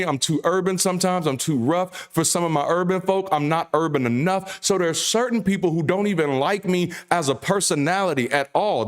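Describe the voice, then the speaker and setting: A man hosting a show delivers an emphatic, profane, repetitive monologue in a baritone voice with a preacher's cadence.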